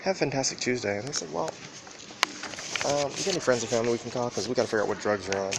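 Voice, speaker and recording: A man's voice: mid-range voice, rapid-fire, creaky. A man rambling through a profane, casual monologue while riding a train, laughing often. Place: on a train and station platform. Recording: noisy train ambience.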